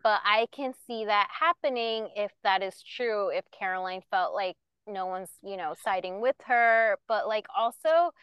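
Young woman gossiping on a podcast, smooth clear voice, dry close sound, laughs a lot. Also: mid-range voice, a little slow, few pauses, no room sound, dull audio. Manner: chatty, laughs often, hedges with "alleged". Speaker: podcast co-host. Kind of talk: casual pop-culture gossip chat.

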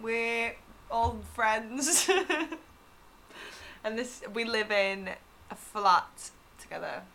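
A woman's voice: fairly high pitch, fairly even intonation, extremely slow, bright, forceful tone, a little hiss or hum. A young woman co-hosting a podcast in casual chat with friends, giggly, crude and teasing. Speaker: podcast co-host.

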